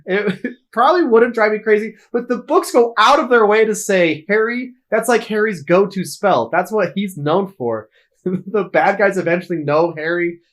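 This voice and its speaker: Chatty man with a higher voice. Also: normal speed, fairly bright tone. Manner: chatty, laughs often, nitpicking. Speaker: podcast co-host. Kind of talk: casual film discussion.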